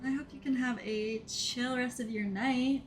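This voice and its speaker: A young woman streaming a game, chatting playfully and excitably with her viewers. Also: fairly high pitch, unhurried, faint music behind. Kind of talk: casual game commentary.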